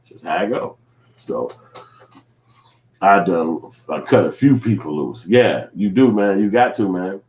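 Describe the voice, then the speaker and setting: A man with a lowish voice delivers a loose commentary vlog. His talk rambles and is heavily profane, broken up by acted-out snippets of imagined conversations. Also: animated, measured pace, pauses often, a little mellow. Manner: profane, rambling, acts out quotes. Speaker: filmmaker and vlogger.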